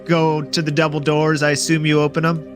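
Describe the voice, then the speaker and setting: A man's voice: a little high, monotone, brisk, faint music behind. A man narrating as game master in a loose, casual way, full of fillers.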